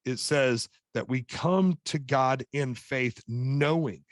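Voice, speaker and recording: A man's voice: mid-range voice, slow pace, no echo. A middle-aged man with an ordinary mid-range voice speaks as a podcast guest, earnest and open, circling back with repeated "and, and" starts as he builds his story. His voice is recorded close and dry, with no room sound. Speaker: podcast guest, author and coach. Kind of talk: casual chat.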